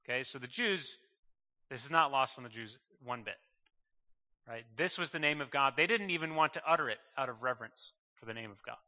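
A man's voice: medium pitch, fairly quick, sharp tone. A man preaching a sermon in an emphatic way, repeating phrases and building to fervent bursts. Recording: muffled sound with long hall reverb.

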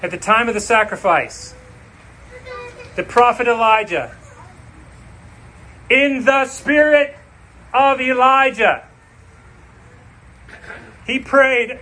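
A male pastor delivering a sermon, reading scripture and preaching with slow, emphatic, dramatic phrases. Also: very high-pitched, bright, forceful tone, rough recording.

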